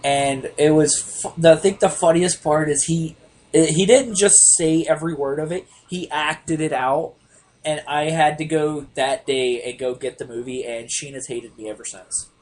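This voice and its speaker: A man with a slightly high voice chats casually as a podcast host. He tells stories with animated energy and plenty of swearing. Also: moderate pace. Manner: animated, profane storyteller. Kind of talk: casual chat.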